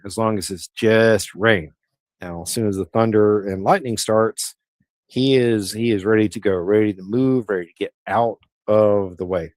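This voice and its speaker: Brief: middle-aged male streamer, rambling, easygoing chat, deeper voice. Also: a little mellow, no echo. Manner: rambling, easygoing, with frequent restarts. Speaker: livestream host. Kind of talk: casual livestream chat answering viewer comments.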